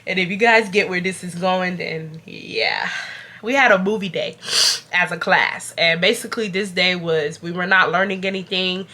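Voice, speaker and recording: Bright-voiced young woman, chatty and unwell. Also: on the low side, moderate pace. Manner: chatty, animated, talks straight to viewers with y'all. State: sick, feeling unwell. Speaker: YouTube storyteller. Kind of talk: casual storytime vlog.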